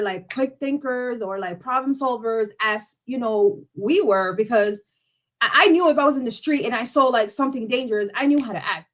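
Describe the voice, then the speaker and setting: A woman co-hosting a talk show who asks questions while searching for her words, with many fillers and hedges. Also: fairly high pitch. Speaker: podcast co-host. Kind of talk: casual discussion.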